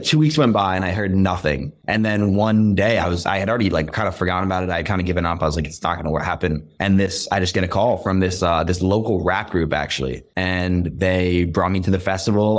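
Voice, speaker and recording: A young man from Western Massachusetts, a guest in a casual interview, talking in a relaxed, rambling way with many repeats and fillers. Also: low-pitched. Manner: relaxed, rambling, repeats words and says "like" often.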